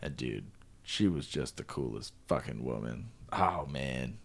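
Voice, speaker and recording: This is a young man with a very low voice chatting on a talk show. He talks loosely and swears often, with "dude" sprinkled everywhere. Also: animated, a little slow, creaky, breathy edge. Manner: loose and profane, says dude a lot. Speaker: podcast co-host. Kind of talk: casual chat.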